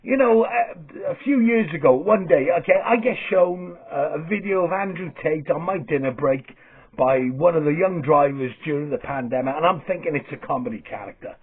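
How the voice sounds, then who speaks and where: A man's voice: a little high, brisk, breathy edge. A middle-aged man hosting a satirical vlog, ranting with exasperation, swearing and stammering. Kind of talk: comic rant. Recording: lo-fi phone-like sound.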